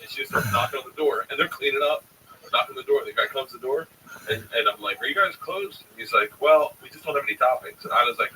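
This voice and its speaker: A man's voice: medium pitch, fast talker. A man in his forties, a comedian, telling profane family stories in casual chat and acting out the quotes. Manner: profane, animated storyteller who acts out quotes. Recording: distant mic, faint background noise.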